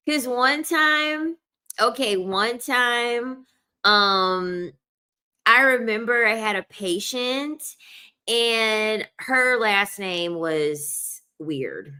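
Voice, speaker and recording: Bright-voiced woman chatting slowly. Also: a little high, clean tone. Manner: chatty, emphatic, laughs often, repeats herself. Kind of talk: casual chat to camera.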